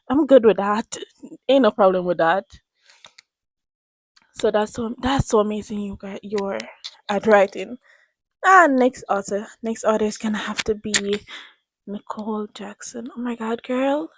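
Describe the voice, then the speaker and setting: A woman's voice: fairly high pitch, a little slow. A woman, gushing in a casual, rambling chat to camera as a book reviewer. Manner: gushing, animated, rambling with restarts.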